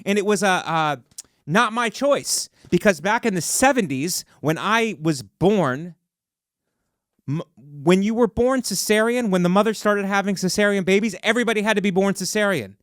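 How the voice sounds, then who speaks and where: A man's voice: sits high, animated, moderate pace, a bit bright, dry recording, clean studio sound. Sarcastic man ranting solo on a podcast. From Ohio. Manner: sarcastic, escalating into mock outrage. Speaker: podcast host. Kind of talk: solo comedic rant. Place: podcast studio.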